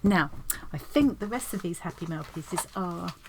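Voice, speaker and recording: At home amid some background noise, a craft vlogger with a lower, animated voice talks at a moderate pace. She chats casually while opening post, effusive and rambling, and keeps restarting what she says.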